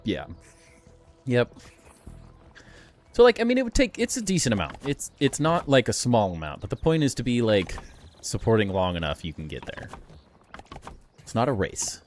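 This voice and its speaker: A man's voice: deep voice, a little mellow. A man streaming a building game, talking casually with chat in a rambling way, laughing often and restarting his sentences.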